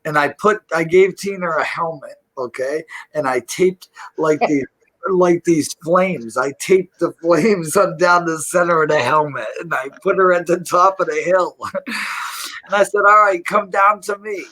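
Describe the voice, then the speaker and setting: A man telling animated stories with lots of laughter in a casual garage chat with friends. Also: on the high side, measured pace, rough recording. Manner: animated storyteller, laughs and swears.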